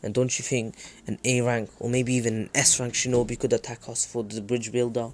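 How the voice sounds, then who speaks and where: A man voicing a calm, cold teenage boy ninja with a psychopathic edge, speaking low and quiet. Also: fairly quick, natural voice.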